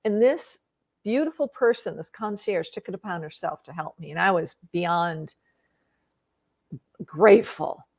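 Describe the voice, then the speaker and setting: Speaking unhurriedly with long pauses, this middle-aged woman has a fairly low, slightly mellow voice. She earnestly works through a personal story, reflecting on mistakes she made, often breaking off to begin a thought again and using little fillers.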